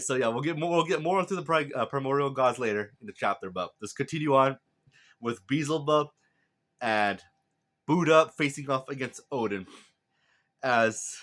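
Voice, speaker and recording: A man's voice: mid-range voice, bright, forceful tone. A man casually recapping a manga chapter, enthusiastic and rambling with many fillers.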